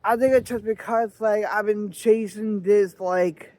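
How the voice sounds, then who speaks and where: A man talking in a personal reflective vlog, halting and earnest, searching for his words. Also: high voice, fairly even intonation, darkish tone, no room sound. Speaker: vlogger.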